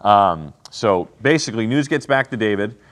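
Guy teaching bible study, lowish voice, chatty, keeps asking okay? right?. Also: animated, normal speed. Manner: conversational, checks in with "okay?" and "right?". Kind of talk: casual teaching with commentary.

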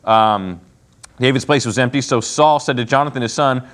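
A man leads a laid-back Bible lesson for a class. He talks in a lively, joking way and keeps asking his listeners questions. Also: mid-range voice, moderate pace.

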